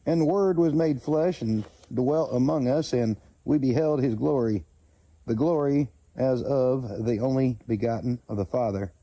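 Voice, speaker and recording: A man slowly reading Bible verses aloud and pausing to comment, stumbling over names and correcting himself. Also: medium pitch, mellow, no room sound. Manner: slow, halting reading with self-corrections. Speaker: channel host reading scripture.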